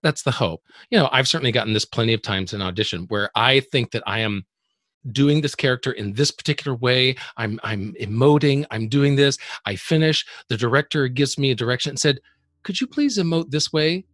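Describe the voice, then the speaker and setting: A man's voice: medium pitch, a little fast, a bit bright, dry recording, studio quality. A man hosting a podcast interview, talking casually and telling stories about his own auditions. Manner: conversational, shares anecdotes, laughs along. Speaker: podcast host.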